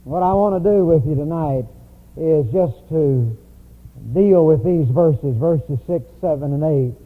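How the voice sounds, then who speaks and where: A man's voice: on the high side, a little slow. A man preaching a sermon in a church, telling stories in a conversational way. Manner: storytelling, conversational. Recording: tinny lo-fi phone-like recording.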